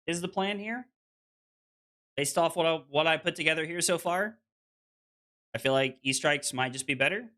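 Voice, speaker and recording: A man's voice: fairly high pitch, bright, forceful tone, smooth. A man streaming a card game, chatting casually with viewers and reading their messages aloud, with lots of fillers. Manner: chatty, full of "like" fillers, reads chat aloud.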